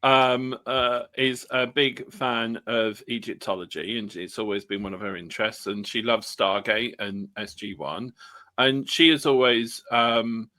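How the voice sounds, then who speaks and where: A British man chatting on a podcast in a bright, forward voice. He rambles and hesitates, piling up fillers as he goes. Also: mid-range voice, fairly even intonation, measured pace. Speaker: podcast co-host. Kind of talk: casual podcast chat.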